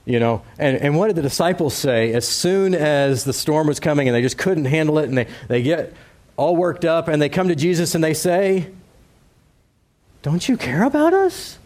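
A man's voice: a little high, brisk, a little mellow. A man giving a conversational sermon, talking casually and directly to his listeners and asking rhetorical questions. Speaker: preacher.

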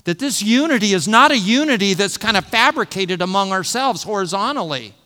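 A man's voice: high-pitched, animated, a little fast, pushed and bright, long reverb tail. A middle-aged man preaching an expository sermon, teaching and repeating phrases for emphasis. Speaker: pastor.

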